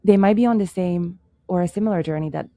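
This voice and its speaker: A woman's voice: fairly low pitch, fast talker, warm tone, dry recording, clean studio sound. A woman from Italy, first language Italian, speaking with a Canadian English accent as a guest on a podcast, talking candidly in a casual chat with lots of "like" fillers. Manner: candid, uses many "like" fillers.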